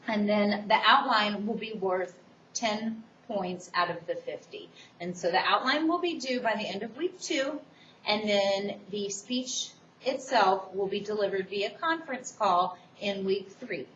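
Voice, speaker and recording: Woman, public speaking instructor, quick and enthusiastic, echoey room, muffled lo-fi sound. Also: mid-range voice, fairly bright tone, a little hiss or hum. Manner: explanatory, instructive. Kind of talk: recorded course lecture. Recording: distant, roomy, dull recording.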